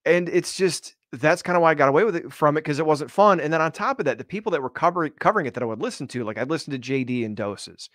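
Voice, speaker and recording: A man's voice: a little high, expressive, quick pace, hardly any pauses, fairly bright tone, no echo, clean studio sound. A man co-hosting a podcast, chatting casually in a sarcastic, profane, rambling way. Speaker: podcast co-host.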